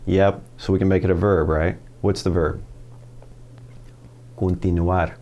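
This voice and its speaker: Upbeat man teaching Spanish, lowish voice. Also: steady tone, normal speed, warm tone, lo-fi sound. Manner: upbeat, asks the viewer questions and answers them. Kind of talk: casual video lesson.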